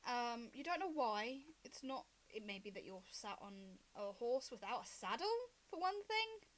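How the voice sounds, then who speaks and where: A woman's voice: a little high, very animated, normal speed. A woman narrating as game master of a tabletop game, rambling and hesitant, with fillers and the odd cough.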